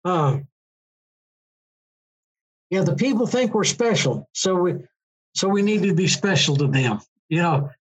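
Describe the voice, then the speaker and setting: Telling stories from his motorcycle racing days, an older man speaks in a high, animated, slightly breathy voice at a measured pace, pausing often. His casual talk rambles, full of restarts and fillers, on a dull lo-fi recording.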